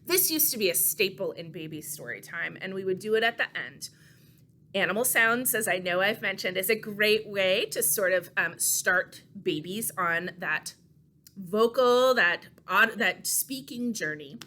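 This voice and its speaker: A young adult woman, a children's librarian leading a baby storytime with songs and puppets, gentle and playful in a sing-song way. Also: medium pitch, a little slow, slight background noise.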